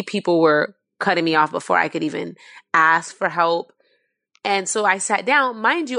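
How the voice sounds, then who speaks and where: A woman guest telling an emotional personal story, impassioned and near tears, with many fillers and halting restarts. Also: lowish voice, a bit bright, dry recording.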